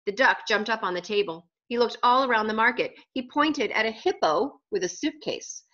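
A woman's voice: a little high, lively intonation, normal speed, hardly any pauses, fairly bright tone, dull audio. Woman reading a picture book to children. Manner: playful, questions to young listeners.

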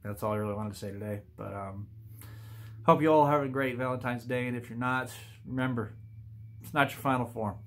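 A man in his thirties talking to his viewers in a casual, earnest vlog, halting often with fillers and restarts. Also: mid-range voice, steady tone, a bit bright, slight background noise. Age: 30s. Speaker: YouTuber. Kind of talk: casual heartfelt vlog talk.

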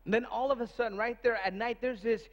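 A man with a very high voice relays a preacher's words phrase by phrase, in a casual and conversational tone. The audio is dull and muffled. A long church-hall echo follows every line. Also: steady tone, fast. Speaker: sermon interpreter. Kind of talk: live interpretation of a sermon. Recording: reverberant dull sanctuary audio.

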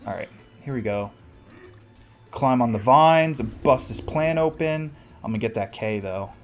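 Young guy swearing through a solo let's play, mid-pitched voice, ragging on himself, little game music behind. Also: animated, measured pace. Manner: profane, self-mocking, shouts at the game. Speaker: gaming podcast host.

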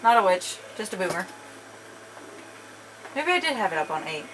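A woman's voice: fairly low pitch, big pitch swings, moderate pace. A woman commentating a co-op zombie game with a partner, chatty and teasing. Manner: chatty, teasing, bursts into panicked screams. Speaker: gamer playing co-op. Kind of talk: casual let's-play commentary. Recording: loud background noise.

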